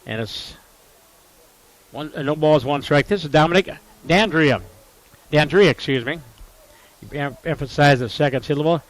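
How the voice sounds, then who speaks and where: A man calling college baseball play-by-play, steady and informative, lifting his voice sharply on big plays. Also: on the high side, normal speed, long pauses, rough recording. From Upper Midwest US. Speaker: play-by-play announcer.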